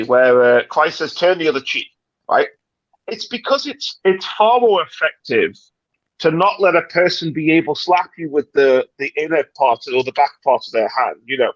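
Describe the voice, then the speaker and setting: A British man in casual livestream chat, talking in an animated, dramatic, rambling way with many restarts. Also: fairly high pitch, normal speed, no room sound, highs cut off. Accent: British English. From Britain. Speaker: livestream panelist.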